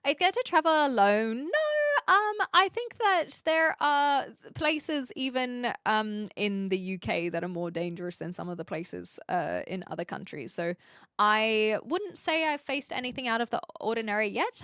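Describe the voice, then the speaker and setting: A woman with a blended Australian and British accent chats easily with her stream audience, reading messages aloud before answering. Her voice is smooth and clear, recorded close and dry on a desk microphone, with a mid-range pitch. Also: fairly bright tone, dry recording. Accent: mixed Australian and British. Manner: chatty, reads chat messages aloud and answers them. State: sleepy. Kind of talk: casual chat with live chat.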